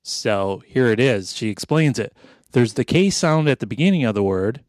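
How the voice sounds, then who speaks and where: A male podcast co-host with a mid-pitched voice, dry and wry, dropping profanity while he walks through his research. He is recorded close on a mic in a dead, dry space. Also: expressive, normal speed, darkish tone, no echo. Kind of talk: casual podcast chat.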